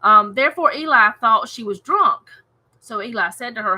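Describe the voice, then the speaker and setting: A woman leading a casual home Bible study, reading scripture and reflecting earnestly with soft laughs. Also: a little high, animated, moderate pace, poor audio.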